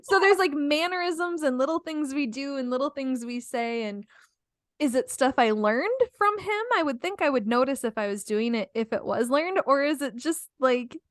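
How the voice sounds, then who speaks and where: A woman's voice: high-pitched, lively intonation, moderate pace, no room sound, clean studio sound. A middle-aged woman co-hosting a podcast in casual chat, talkative and laughing often. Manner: chatty, laughs often, many fillers. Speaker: podcast co-host.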